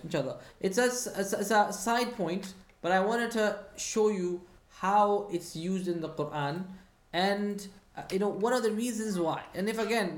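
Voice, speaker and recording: A patient teacher leads an online grammar class at a middle pitch. The delivery checks in often and repeats key points. The voice carries a clear echo from the room. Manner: patient, checks understanding with frequent "hmm?" and repeats key phrases. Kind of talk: online Arabic grammar lesson, reading student comments. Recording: roomy echo.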